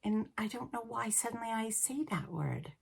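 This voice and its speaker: A woman in her fifties from Liverpool, England, whose accent has softened over decades in Canada, hosts a knitting podcast. Her casual chat rambles, full of laughs and excited asides. Her voice is fairly high, gravelly with a breathy edge, at a normal speed.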